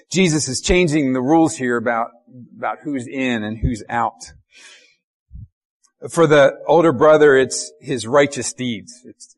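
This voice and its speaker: A middle-aged man preaching a sermon as pastor, talking in a conversational, halting way with fillers and repeated words. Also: medium pitch.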